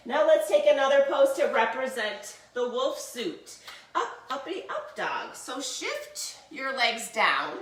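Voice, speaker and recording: Lively, animated woman teaching kids yoga. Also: high-pitched, unhurried, recorded from a distance, slight background noise. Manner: playful, encouraging, animated storytelling. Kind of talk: reading a picture book and guiding kids' yoga. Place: indoor room, filmed while doing poses. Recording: echoey room.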